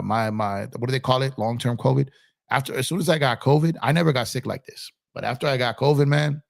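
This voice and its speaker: A man's voice: fairly low pitch, creaky, no echo, studio quality. A man hosting a casual live-stream sports chat, recovering from a cold, laid-back and repeating himself as he reads out chat.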